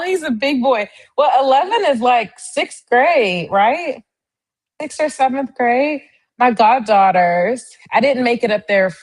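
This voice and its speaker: A young adult woman hosting a casual live stream, chatting directly to her viewers in a lively way. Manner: lively, swings up high in pitch.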